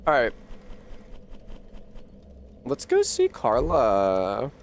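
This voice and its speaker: A man's voice: mid-range voice, extremely slow, vocal fry, a little hiss or hum. Profane, sarcastic man streaming a game. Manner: profane, sarcastic, animated outbursts. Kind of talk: casual gameplay commentary.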